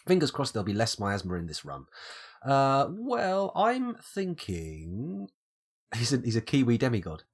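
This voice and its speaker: A man's voice: medium pitch, huge pitch swings, measured pace. A British man with a cold, thinking aloud as he streams live gameplay commentary and muses over his options. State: has a cold, coughing.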